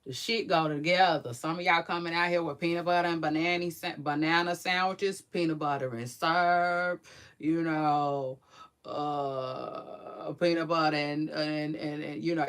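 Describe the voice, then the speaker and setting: Slow-talking slangy woman reacting. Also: low-pitched. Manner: slangy, animated, swings from mumbling to loud hype. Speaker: commentator reacting to music. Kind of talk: casual reaction chat.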